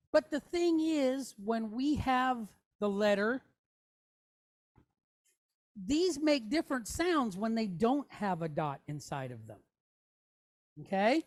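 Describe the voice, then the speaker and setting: A woman's voice: on the high side, darkish tone. A woman teaching a language class, patiently explaining step by step, demonstrating sounds aloud and often checking in with "okay?". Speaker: Hebrew teacher.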